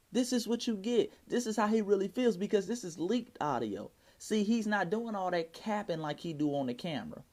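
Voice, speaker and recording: Male vlogger, Atlanta Southern accent, impassioned slang-heavy commentary, higher voice. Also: darkish tone. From Atlanta, Georgia. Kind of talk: reaction commentary.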